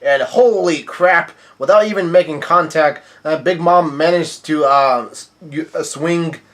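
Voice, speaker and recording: A man's voice: fairly high pitch, measured pace. A young man casually recapping a manga chapter page by page, rambling with lots of fillers and restarts. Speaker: manga reviewer.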